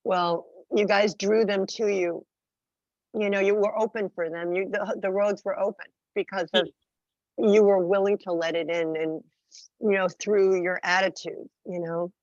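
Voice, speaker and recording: A woman's voice: mid-range voice, steady tone, a little slow, a little mellow, dry recording. Woman, emotional friend on a video call, tearful, gushing, lots of fillers; dry, muffled call audio. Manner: gushing, rambling with many fillers. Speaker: friend calling in. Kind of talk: emotional heartfelt tribute.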